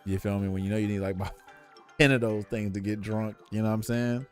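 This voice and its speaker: A young man streams from home, ranting in casual slang and talking directly to his chat. His voice is on the low side, fast and smooth, and he sounds animated and opinionated. Faint music plays behind him.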